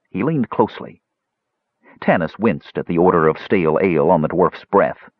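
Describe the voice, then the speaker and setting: A man narrating a fantasy audiobook with expressive storytelling. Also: sits low, normal speed, dry recording, highs cut off.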